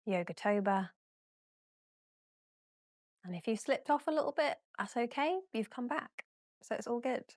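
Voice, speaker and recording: Chatty, giggly woman leading gentle yoga. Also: medium pitch, dry recording, clean studio sound. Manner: chatty, giggly, apologetic, yawning. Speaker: yoga teacher. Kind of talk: casual guided yoga class.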